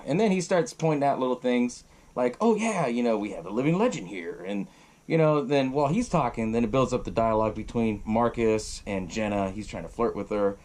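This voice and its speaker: A man hosting a podcast, recapping a film in a casual, profane, animated way and laughing often. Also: mid-range voice. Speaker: podcast host.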